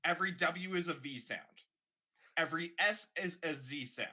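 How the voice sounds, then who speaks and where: A man's voice: a little high, normal speed, bright, forceful tone. A man playing in a tabletop game, joking playfully with the table. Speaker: player. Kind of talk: casual chat.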